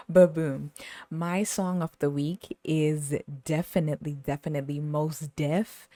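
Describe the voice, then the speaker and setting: A woman hosting a podcast, telling stories in an animated, casual way and laughing often. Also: low voice, normal speed, no echo. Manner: animated storytelling, laughs often, sings snippets. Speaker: podcast host. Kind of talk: casual chat.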